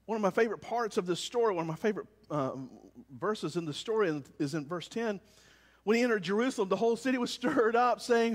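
A man preaches with a very high, ringing voice. He jumps from loud calls to hushed, low lines. The sound carries a long reverb. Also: quick pace. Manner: animated, swings between shouting and quiet. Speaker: pastor. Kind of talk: sermon. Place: church service, with cars passing by.

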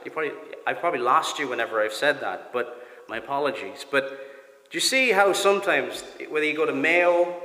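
A man with a Cork Irish accent, preaching a sermon as pastor, earnest and sometimes dropping to a soft near-whisper. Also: fairly high pitch, echoey room, in a large hall. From Cork, Ireland. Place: church sanctuary.

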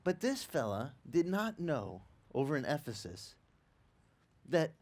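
A man preaching a sermon as pastor, telling lively stories with acted-out quotes and frequent stammered restarts. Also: fairly high pitch, a little slow. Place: church.

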